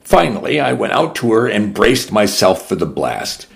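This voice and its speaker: Gravelly, expressive male audiobook narrator. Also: fairly low pitch, normal speed. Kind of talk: first-person audiobook narration.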